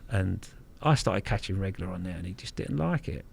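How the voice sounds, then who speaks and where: A man's voice: sits low, lively intonation, fairly quick, creaky, a little hiss or hum. A middle-aged man from Kent, telling stories as a guest in a casual interview, frank and earthy, swearing freely and repeating words. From Kent, England. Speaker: guest angler.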